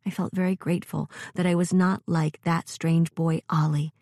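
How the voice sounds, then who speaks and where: A woman reading a story aloud in a gentle, measured way, as a narrator. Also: on the low side, level tone, no room sound, clean studio sound.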